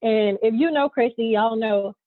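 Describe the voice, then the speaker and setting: A candid woman talks with emphasis in a casual podcast chat, swearing freely as she makes her point. Her voice is a little husky and rather high, and it comes through a thin, phone-like line with no room sound. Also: normal speed, no room sound. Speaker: co-host, newly married.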